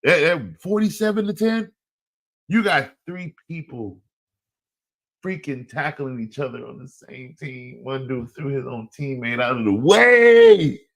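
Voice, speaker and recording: A man hosts a casual fantasy football show on his own. He talks in an excitable, slangy way and laughs often as he trash-talks teams. His voice sits in a middle register but swings up and down a lot. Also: mid-range voice, measured pace, vocal fry. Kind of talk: casual solo sports commentary.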